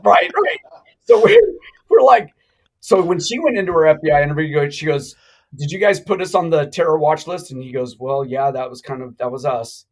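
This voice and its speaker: A middle-aged man telling a long story on a live talk show, animated and rambling, with many restarts. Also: a little high, brisk, rough recording. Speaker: guest.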